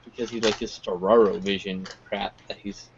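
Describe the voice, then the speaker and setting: A man's voice: fairly low pitch, steady tone, normal speed, dull audio, noisy background. A man co-hosting a casual geek chat, talking loosely with some stammering restarts. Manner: casual, stammers, speaks his mind.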